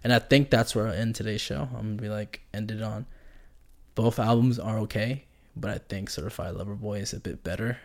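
A man's voice: lowish voice, steady tone, fairly quick, gravelly. A man hosting a casual solo podcast, rambling and joking in a slangy way. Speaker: podcast host.

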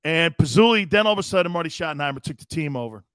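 A middle-aged man from Connecticut hosting a sports radio show, loud and rambling, laughing and doing voices for his stories. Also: fairly high pitch, expressive, racing, no room sound, clean studio sound. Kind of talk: animated sports talk.

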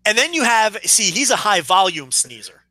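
A man's voice: high voice, very animated, normal speed, sharp tone, dry recording. A man co-hosting a wrestling podcast, talking casually and repeating words as he gathers his thoughts. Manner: rambling, repeats words while thinking. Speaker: podcast co-host. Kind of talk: casual chat.

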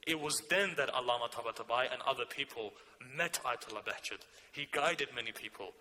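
A man preaching a sermon, telling a story whose quieter passages drop low and soft. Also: fairly quick.

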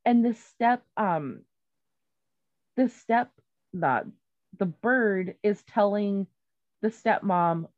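A woman's voice: mid-range voice, animated, drawn-out words, pauses often, no echo, narrow, tinny audio. A woman retelling a story in casual chat, rambling and swearing freely, with many fillers and restarts.

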